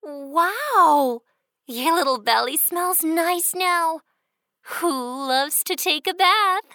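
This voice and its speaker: A woman voicing a gentle, doting mother bunny in a children's storybook, talking in a coaxing, soothing way. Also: very high voice, lively intonation, no echo, studio quality, heavily acted. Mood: cheerful coaxing. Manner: sing-song, coaxing, slow and soothing.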